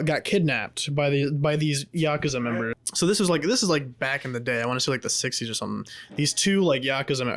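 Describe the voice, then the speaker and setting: A man with a slightly raised voice chats casually on a podcast. He rambles, swears freely and often restarts his sentences. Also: on the high side. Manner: rambling, profane, many restarts. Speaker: podcast co-host.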